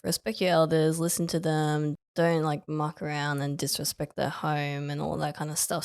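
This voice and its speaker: Young woman cohosting a chatty podcast, low voice with lots of vocal fry, laughs a lot. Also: no echo, studio quality. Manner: playful, laughs often. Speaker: podcast co-host. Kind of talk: casual podcast chat.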